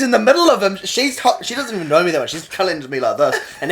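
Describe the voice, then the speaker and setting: A young man from New Zealand with a New Zealand accent, co-hosting a podcast and telling a story in casual chat, getting animated and laughing as it goes. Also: high-pitched, quick pace, few pauses. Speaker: podcast co-host.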